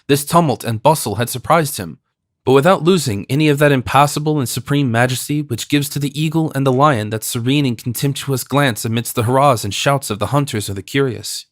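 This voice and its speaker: A man narrates a classic novel for an audiobook in a measured, even reading. His voice sits in a middle range for a man. The recording is dry and close, with no room sound. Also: mid-range voice, no echo.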